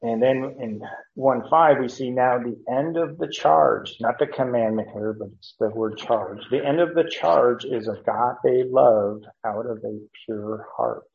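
A man teaching verse by verse from the Bible, halting with many fillers and restarts, chuckling now and then. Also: mid-range voice, creaky. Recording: dull lo-fi recording.

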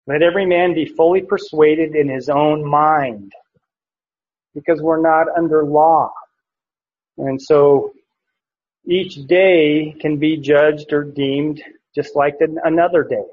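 A man's voice: a little high, steady tone, slow pace, slightly rough. A man preaching, teaching a passage verse by verse, with frequent fillers and restarts. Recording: dull lo-fi recording.

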